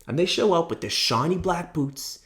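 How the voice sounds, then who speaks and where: A man voicing his stern, tough father, who is giving a slow, low warning about harsh cops and judges. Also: lively intonation, fairly bright tone. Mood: ominous.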